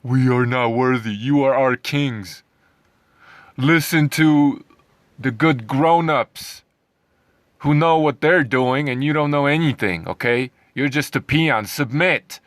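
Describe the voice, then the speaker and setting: A man voicing a condescending authority figure who lectures underlings in a slow, mocking, emphatic way. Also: mid-range voice, dry recording, lightly acted.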